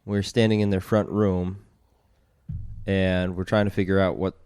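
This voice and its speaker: Deep, tired co-host with short dry answers, close and dry mic. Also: male voice, flat delivery, normal speed, darkish tone, smooth, no room sound. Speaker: podcast co-host. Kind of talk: casual chat.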